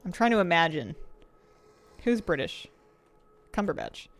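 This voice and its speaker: Woman game streamer, gravelly fry, chatty and laughing, thinking aloud. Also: lowish voice, big pitch swings, unhurried. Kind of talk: casual gameplay commentary.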